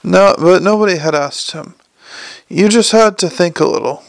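Male audiobook narrator, gravelly and measured. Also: sits high. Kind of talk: scripted narration.

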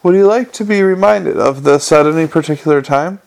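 A fretful little imp gadget chatters in an eager, apologetic rush, as a man puts it on. The voice sits a little high with a gravelly texture and fumbles over its words. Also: fairly quick. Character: eager, anxious little male imp organizer.

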